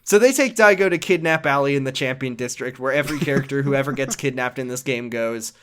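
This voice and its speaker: A male podcast host casually recapping a video game story at a mid-range pitch. He rambles and jumps in animation from one bit to the next, swearing freely and laughing mid-sentence. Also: quick pace, fairly bright tone, clear, resonant tone.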